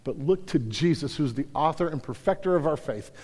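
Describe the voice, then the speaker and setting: A man's voice: on the high side, lively intonation, brisk, darkish tone. A man preaching a passionate sermon to a congregation, building to emphatic peaks. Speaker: pastor. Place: church sanctuary. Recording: hall reverb.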